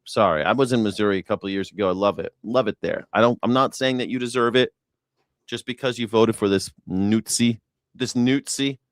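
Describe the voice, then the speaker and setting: A man's voice: lowish voice, fairly quick, no room sound, clean studio sound. A man hosting a news reaction show, mocking and sarcastic, with a heated edge. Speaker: host.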